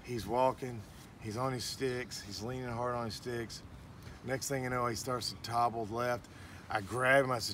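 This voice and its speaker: A middle-aged man tells a story with animation, acting out the voices of the people in it. He sounds set back from the mic, with clear outdoor background noise. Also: mid-range voice, moderate pace, recorded from a distance. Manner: animated storyteller who acts out dialogue. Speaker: vlogger's father. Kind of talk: casual storytelling.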